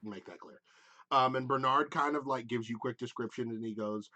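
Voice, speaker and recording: A man's voice: medium pitch, normal speed, bright, forceful tone. A man narrating as game master of a tabletop game, rambling with lots of fillers.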